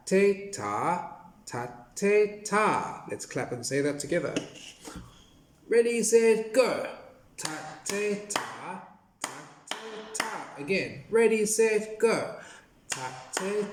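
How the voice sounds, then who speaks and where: Lively man teaching kids rhythm. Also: fairly high pitch. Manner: playful, animated, sing-song counting and clapping. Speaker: music teacher for young children. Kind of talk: children's music lesson. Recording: echoey room with background noise.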